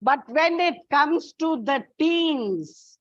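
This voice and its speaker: A high-pitched woman teaches an English lesson at an unhurried pace, setting out her examples one after another and calling her students children. Her voice sounds close and dry, with a dull, lo-fi quality. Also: animated, no echo. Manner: slow, deliberate, repeats and lists examples. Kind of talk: classroom lecture.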